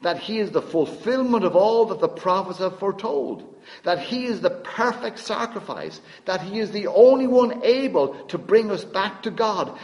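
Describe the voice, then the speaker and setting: A man delivers a sermon at an unhurried, deliberate pace. His fairly high voice swings widely in pitch between emphatic peaks and hushed lows. A long reverb trails each phrase. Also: lively intonation. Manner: slow, emphatic preaching with dramatic rises and hushed drops. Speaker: preacher.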